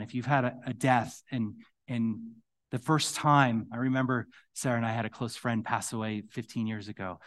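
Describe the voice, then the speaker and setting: Speaking at a medium pitch, a middle-aged man preaches as a pastor in a conversational style. His voice grows hoarse as he builds up to forceful questions.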